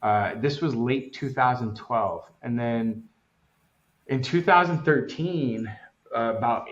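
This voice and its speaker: A man's voice: medium pitch, slow, a bit bright, roomy sound, muffled recording. A man from Los Angeles, a podcast co-host, telling a long casual story full of fillers and acted-out quotes. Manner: rambling, many fillers, acts out quotes.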